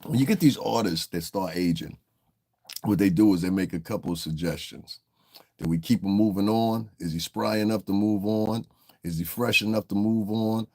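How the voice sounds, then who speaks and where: Deep-voiced man chatting on a livestream. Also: normal speed, a little mellow. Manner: laid-back, chuckles often, talks to chat. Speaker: livestream host. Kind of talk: casual livestream commentary.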